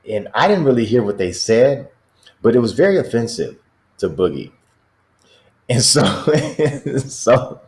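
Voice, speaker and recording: A man's voice: fairly low pitch, darkish tone. A middle-aged basketball coach, a man, telling stories in a casual chat and laughing often as he talks. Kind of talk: casual storytelling.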